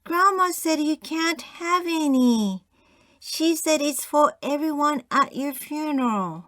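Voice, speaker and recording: A woman's voice: high voice, expressive, slow, a bit bright, no echo, studio quality, voice pushed up, heavily acted. A woman as an eager young granddaughter. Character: young granddaughter, obliging and blunt.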